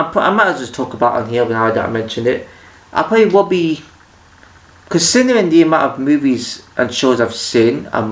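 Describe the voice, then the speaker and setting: A medium-pitched man, recorded from a distance in an echoey room, rambles through a casual vlog rant about people who annoy him, restarting many times.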